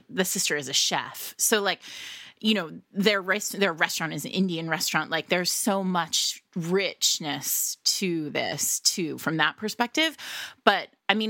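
Bright woman co-host, dry close sound. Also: low-pitched, no room sound. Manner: effusive, rambling with frequent fillers. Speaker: podcast co-host. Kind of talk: casual book-discussion chat.

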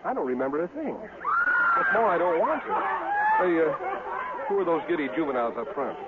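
Sheepish stammering city fellow, wildly swooping pitch, high, tinny hissy old radio. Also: male voice, huge pitch swings, a little fast, over a noisy crowd. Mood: groggy. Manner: stammering, sheepish comic delivery. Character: city man tipsy on hard cider, later groggy. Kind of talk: 1940s radio acting. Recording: scratchy lo-fi 1940s radio broadcast.

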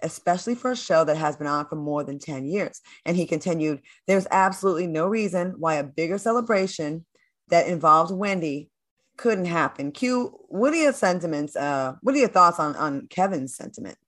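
A woman's voice: on the low side, animated, normal speed. A woman hosting a chat show, reading news items and putting questions to her co-hosts. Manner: steers the talk, poses questions. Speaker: host.

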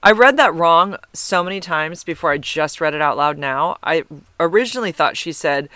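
A woman's voice: deep voice, animated, normal speed, bright, forceful tone, clear, resonant tone, dry recording. A woman hosting a podcast, reading listener comments in a rambling, chatty way and correcting herself as she goes. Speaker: podcast host.

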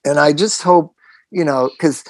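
A man's voice: a little high, a little slow, a little mellow, slight background noise. A man hosting a podcast, talking casually and emphatically, repeating phrases for effect. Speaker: podcast host.

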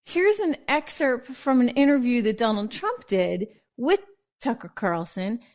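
A woman's voice: a little high, a little slow. Chatty woman hosting commentary. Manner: chatty, animated storytelling with laughs. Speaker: political commentary host. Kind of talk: casual news commentary.

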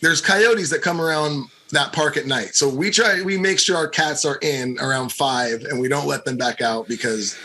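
A man co-hosting a podcast, telling a story in a casual, animated way, swearing freely and acting out the scenes. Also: a little high, normal speed, few pauses. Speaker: podcast co-host.

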